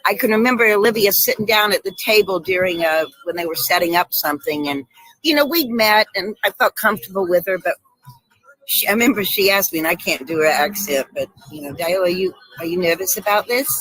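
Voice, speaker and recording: A woman guest telling lively stories in casual chat, laughing often over a video call. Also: medium pitch, fairly quick, rough recording. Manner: animated storyteller, laughs often. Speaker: guest actress.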